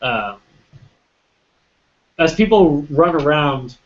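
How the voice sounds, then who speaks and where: A man running a tabletop game as game master, describing scenes with many pauses and restarts. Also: fairly high pitch, animated, dull audio. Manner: hesitant, many ums and restarts.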